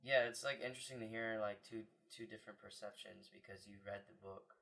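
A woman with an exceptionally low voice chats casually on a podcast. She mostly reacts to the others, joking and laughing along. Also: fairly even intonation, fast talker, gravelly, fairly bright tone. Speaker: podcast co-host. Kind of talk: casual chat.

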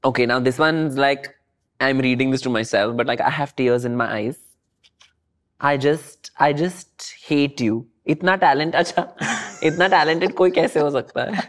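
A young adult podcast guest with an Indian accent, talking casually, effusive and expressive, laughing often and mixing Hindi into English. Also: medium pitch, fast talker. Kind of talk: casual conversation.

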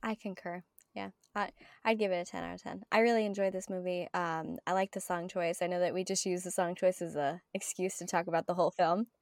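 A woman with a Southern US accent hosting a casual podcast chat, animated and quick to laugh. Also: lowish voice, dry recording, studio quality. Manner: animated, laughs often, fond of mimicking. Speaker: podcast host.

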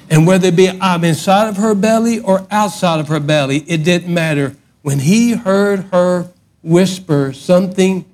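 A middle-aged man preaching a sermon, swinging from loud emphatic outbursts to hushed lines. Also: high voice, normal speed. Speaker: pastor.

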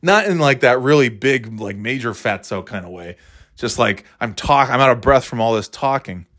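A man's voice: mid-range voice, expressive, moderate pace, fairly bright tone, no echo, clean studio sound. A man vlogging at home, talking in a rambling, self-deprecating, casually profane way. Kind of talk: casual monologue to camera. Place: at home in a living room.

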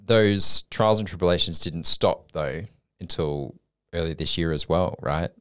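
A man's voice: low voice, unhurried, bright, forceful tone, clean tone, dry recording, studio quality. A man hosting a casual interview, prompting his guest with short questions and laughing often. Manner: brief prompts and frequent laughs. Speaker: interviewer host.

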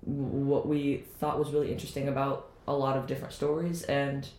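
A podcast co-host in a casual chat speaks fairly quickly in a mid-range, monotone, slightly mellow voice. He sounds hesitant, filling his speech with ums and restarts. The room is echoey.

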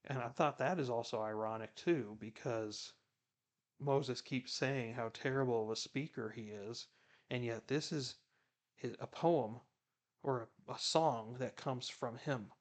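A man's voice: medium pitch, measured pace. A man giving casual Bible commentary, chatty, retelling scripture in everyday words.

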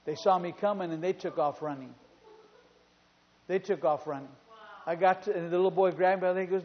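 High-voiced preacher in a reverberant hall. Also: male voice, brisk. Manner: animated storytelling, repeats phrases for emphasis. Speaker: pastor. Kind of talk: sermon. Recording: reverberant hall, dull sound.

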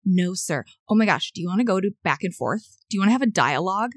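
A woman co-hosting a laid-back book podcast, swinging between reading passages and heated, animated commentary. Her voice is mid-pitched and recorded close and dry, with no room sound. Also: very fast, no room sound. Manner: animated, indignant storytelling. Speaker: podcast co-host. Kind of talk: casual book chat and reading aloud.

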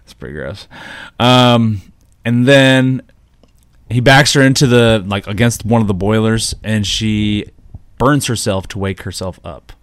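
A man's voice: fairly low pitch, a little slow, dry recording. A man co-hosting a podcast, casually recapping a horror film in a loose, chatty way. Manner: loose and chatty, with many fillers. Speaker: podcast co-host.

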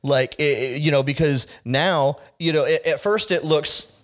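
A man co-hosting a podcast in casual chat, quick to agree and chime in. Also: on the high side, fairly bright tone. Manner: supportive, quick agreeing backchannels. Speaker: podcast co-host.

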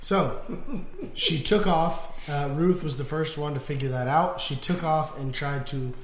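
A man narrating as game master of a tabletop game, easygoing and quick to laugh. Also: fairly high pitch. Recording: echoey room, faint noise.

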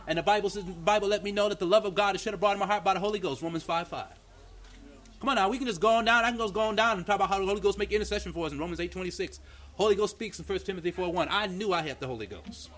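A man's voice: high-pitched, very fast, a bit bright. A male pastor preaching a fervent sermon at a church meeting, calling out to the congregation for responses.

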